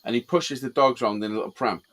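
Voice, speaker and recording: A man's voice: medium pitch, quick pace, very noisy. A man telling rude anecdotes in casual banter with friends, swearing freely. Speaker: live stream host.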